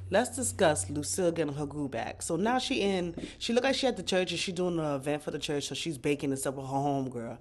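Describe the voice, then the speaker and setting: Slangy, animated woman recapping TV. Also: deep voice, fast, few pauses, a little hiss or hum. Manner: animated, slangy and profane, with outbursts of disbelief. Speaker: TV recap vlogger. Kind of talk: casual recap commentary.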